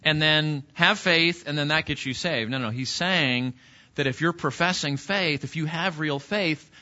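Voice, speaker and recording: A man with a fairly high, bright and forceful voice teaches an interactive Bible study lesson in a church classroom, with the highs cut off in the audio. Conversational in manner, he puts questions to the class and often restarts his sentences.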